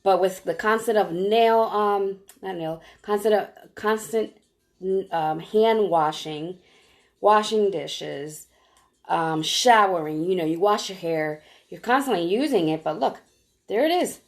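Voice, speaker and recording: A woman's voice: medium pitch, a little slow. A woman selling nail polish strips, walking viewers step by step through applying them on a live stream and greeting them by name as she goes. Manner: chatty, walks viewers through each step. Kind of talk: live-stream product demo.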